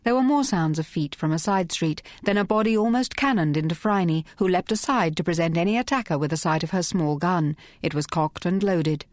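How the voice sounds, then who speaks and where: Crisp, wry woman reading an audiobook. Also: lowish voice, brisk, few pauses, dry recording. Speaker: audiobook narrator. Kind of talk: scripted narration.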